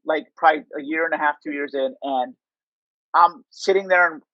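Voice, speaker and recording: Man, interview guest, high voice, rambling casual storytelling, dry muffled sound. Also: normal speed, no echo. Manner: rambling, heavy use of "like" and "you know".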